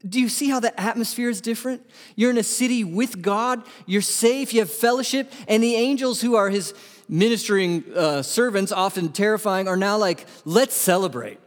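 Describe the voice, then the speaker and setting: A man preaching a sermon as pastor, animated and asking his congregation questions. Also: high voice, moderate pace. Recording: long hall reverb.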